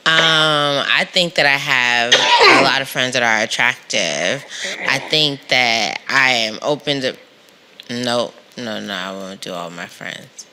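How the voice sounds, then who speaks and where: A woman co-hosting a casual podcast chat, thinking aloud hesitantly with frequent pauses. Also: very deep voice, big pitch swings, background noise. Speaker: podcast co-host.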